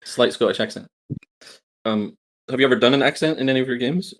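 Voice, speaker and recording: A man from the UK, a player in an online tabletop game, chatting casually while eating. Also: medium pitch. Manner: quick, relaxed, eating while talking. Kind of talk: casual chat on a call.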